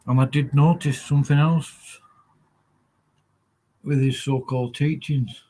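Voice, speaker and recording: Alone on a casual livestream, this host speaks in a steady, mellow, mid-range voice. He thinks out loud at a slow pace, pausing often, rambling, and adding dry, dismissive remarks.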